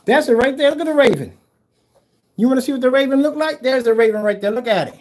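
With a very high-pitched, slightly mellow voice, a man talks animatedly at a quick pace. He's casually livestreaming as a DIY projector screen paint video host, responding to comments with brash teasing, trash talk and fake soothing.

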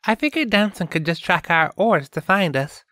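A man voicing a brisk, capable young woman in a storybook reading, quick and matter-of-fact. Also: sits high, expressive, sharp tone, no echo, studio quality, pitched above the performer's own voice.

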